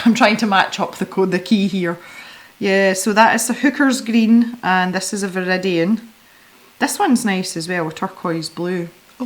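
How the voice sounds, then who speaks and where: A woman hosting a casual unboxing video, chatty and excitable, giggling often as she opens parcels of art supplies. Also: mid-range voice. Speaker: art supply channel host.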